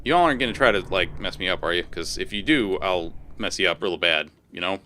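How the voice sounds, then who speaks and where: A man's voice: sits low, animated, brisk, bright, forceful tone, slight background noise. A man voicing a wary street dweller who warns he will fight back.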